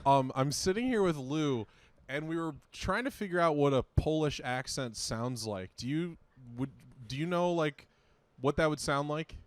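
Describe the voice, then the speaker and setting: A man co-hosting a comedy podcast, laid-back and joking with quick quips. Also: fairly high pitch, expressive. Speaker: podcast co-host. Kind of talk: casual comedic banter.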